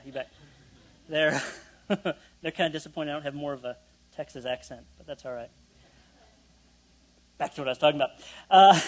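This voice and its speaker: A man's voice: on the high side, a bit bright, low-quality recording. A young man preaching a sermon in a conversational way, with self-deprecating asides to the congregation. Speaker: pastor.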